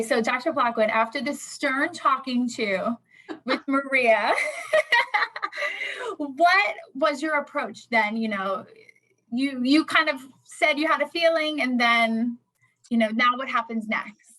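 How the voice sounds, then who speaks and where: A woman's voice: on the high side, unhurried, fairly bright tone. A woman hosting an interview, affirming her guests and asking questions in a friendly manner. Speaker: interviewer, host.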